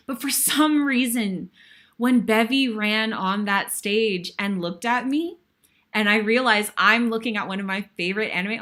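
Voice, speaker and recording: Guest-hosting, a thirtysomething woman with a mid-range, somewhat bright voice recounts a stage story at a measured pace. She pours emotion into it, sounding breathless and sighing now and then.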